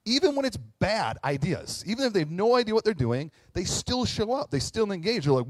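A man's voice: high voice, a little fast, few pauses, no echo. A man in his thirties, a pastor telling a story in a sermon, joking and talking straight to the audience. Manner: animated, jokey, talks to the audience.

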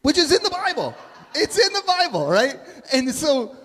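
A man's voice: very high-pitched, huge pitch swings, normal speed, a bit bright. A middle-aged man giving a sermon as a pastor, telling stories in a conversational way and asking "right?" often. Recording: long reverb of a big hall.

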